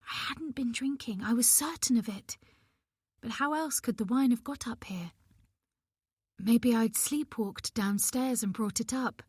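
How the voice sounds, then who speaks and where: A woman's voice: on the high side, husky, dry recording, clean studio sound. A woman narrating a domestic thriller in the first person, with a tense, emotional delivery. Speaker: audiobook narrator.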